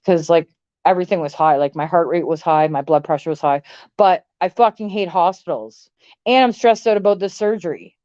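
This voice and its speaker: A woman's voice: fairly low pitch, a little fast, a little mellow, dry recording, lo-fi sound. Blunt, profane woman ranting on stream. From Canada. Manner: blunt, profane, rambling with many "like"s. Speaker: livestream host. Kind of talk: casual livestream rant to chat.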